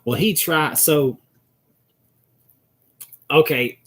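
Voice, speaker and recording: With a husky voice pitched on the high side, a Southern man from Georgia draws out his words as he answers live chat on his channel. The casual stream has him rambling and chatting, reading viewer comments out loud.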